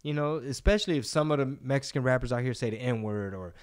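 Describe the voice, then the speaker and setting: A man hosting a casual podcast, talking in an animated, profane, slang-heavy way. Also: medium pitch, quick pace, clear, resonant tone. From Texas. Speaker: podcast host.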